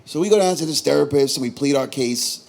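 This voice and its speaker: A male stand-up comedian from New York performing a profane set on a small bar stage, ranting and swinging from low asides to loud outbursts. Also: quick pace, vocal fry.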